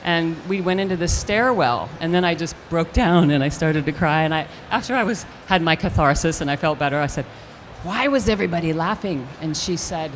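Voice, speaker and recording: Older woman telling a lively stage anecdote. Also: low-pitched, brisk, hardly any pauses, a little hiss or hum. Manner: animated anecdote-telling, acting out quotes. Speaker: interview guest, actress. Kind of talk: storytelling in a live stage interview. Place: convention stage with audience hall ambience.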